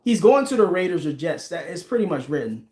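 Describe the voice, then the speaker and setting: A man's voice: a little high, sing-song, a little fast, a crowd in the background. A man in his forties hosting a casual livestream, bantering with his chat and laughing often. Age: 40s. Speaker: livestream host. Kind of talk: casual livestream chat, reading viewer comments. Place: home room with a team flag behind. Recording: echoey room.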